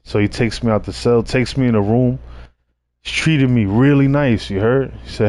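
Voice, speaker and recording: A man's voice: medium pitch, normal speed, a little mellow, dry recording. A young man telling street stories in a casual, laid-back way, with lots of slang and swearing. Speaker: streamer. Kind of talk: casual storytelling.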